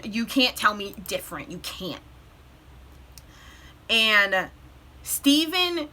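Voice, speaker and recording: A young woman talking through a favorite cartoon scene with raw emotion, her voice bright and slightly high. She rushes through some lines in excited bursts and chokes up on others, stopping to pull herself together. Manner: tearful, breaks off to compose herself; animated retelling with quick bursts. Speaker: vlogger. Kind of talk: emotional show recap.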